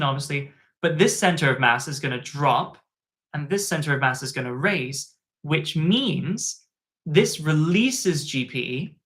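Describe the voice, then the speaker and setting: A man who works as a tutor, telling an anecdote in a chatty, animated way with plenty of fillers. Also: on the high side. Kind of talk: casual spoken anecdote.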